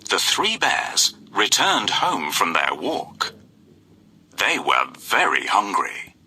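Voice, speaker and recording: A man's voice: lowish voice, creaky, breathy edge. A man narrating a children's storybook in a theatrical way, voicing the characters as he goes. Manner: very animated, slow and theatrical.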